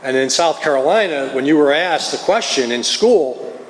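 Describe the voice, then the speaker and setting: A middle-aged man with a New Jersey accent tells a recovery group his own story, earnest and confessional. His fairly high voice is expressive and moves at a normal speed. The recording has a little hiss or hum, plus the faint ambience of a roomy meeting hall.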